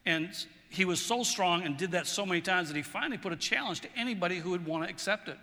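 A man preaching a sermon in a large church hall, telling stories in a relaxed, chatty way and often repeating words. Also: sits high, fast. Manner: conversational, storytelling, repeats words. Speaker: pastor. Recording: long hall reverb.

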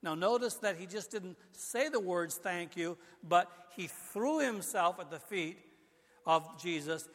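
An older male pastor delivers a casual, chatty sermon, his voice sitting a touch high for a man. He restarts phrases often as he talks, and his words ring out with a long reverb through the church sanctuary. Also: a little slow, fairly bright tone. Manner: conversational preaching with frequent restarts.

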